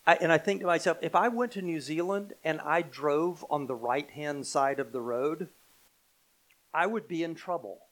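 A middle-aged American man preaching a sermon, emphatic, slowing and swelling on key phrases. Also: on the high side, low-quality recording. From United States. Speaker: pastor.

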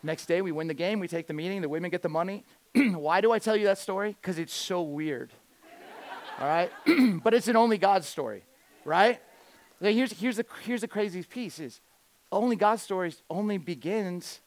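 A man telling a humorous story in a sermon, animated and quick to restart his sentences. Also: high-pitched, dry recording. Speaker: speaker at a church gathering.

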